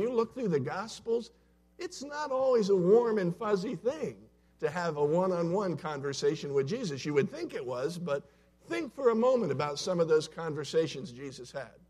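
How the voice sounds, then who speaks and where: A man preaching in a church, with a voice pitched a little above the usual for a man. He tells stories in a conversational way, rising loud and dropping soft. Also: breathy edge. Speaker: pastor. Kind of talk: sermon. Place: church sanctuary.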